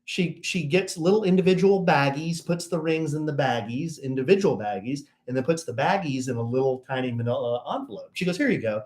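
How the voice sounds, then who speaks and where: A man's voice: a little high, a little fast, hardly any pauses, roomy sound. A man co-hosting a live stream, chatting casually and acting out the other people in his story. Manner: animated storyteller, acts out other people's lines. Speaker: co-host.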